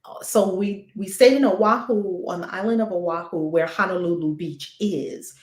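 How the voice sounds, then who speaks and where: A woman's voice: fairly low pitch, normal speed. A woman hosting a casual chat, enthusiastic and full of exclamations. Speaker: host. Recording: roomy echo.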